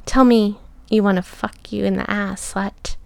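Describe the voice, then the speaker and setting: A woman voicing a cruel, sadistic man, hushed and taunting. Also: fairly even intonation, unhurried, gravelly, clean tone, no echo. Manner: low, hushed, often whispered taunting. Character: cruel, sadistic adult man, a paying client.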